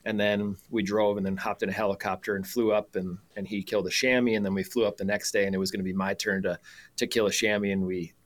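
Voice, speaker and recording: A man's voice: fairly low pitch, little pitch movement, fast. An American man, a podcast guest, telling a story casually, laughing often and restarting sentences.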